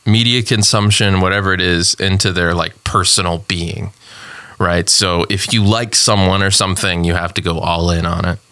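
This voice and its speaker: A man's voice: low voice, fairly even intonation, moderate pace, bright, forceful tone, clear, resonant tone, no room sound. A man hosting a casual podcast, blunt and sarcastic, prodding his co-host to tell stories. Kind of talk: casual chat.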